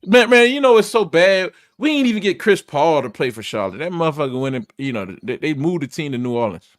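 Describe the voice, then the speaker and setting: Profane, animated sports radio man. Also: fairly high pitch, a little fast, no room sound, studio quality. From North Carolina. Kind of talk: casual sports banter.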